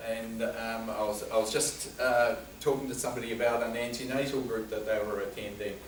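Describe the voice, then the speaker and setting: A man's voice: mid-range voice, steady tone, a little fast, a little hiss or hum. A middle-aged man giving an informal lecture, telling stories in a conversational way. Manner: conversational, anecdotal storytelling. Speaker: speaker at a men's health talk. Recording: roomy hall, distant mic, faint ambience.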